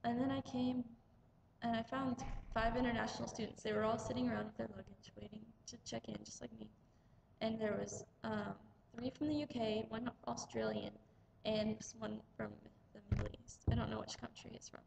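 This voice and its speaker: Chatty young woman with a gravelly edge. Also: fairly high pitch, moderate pace, darkish tone, slight background noise, poor audio. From United States. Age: young adult. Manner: chatty, rambling, lots of "like". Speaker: vlogger. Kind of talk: casual travel vlog storytelling.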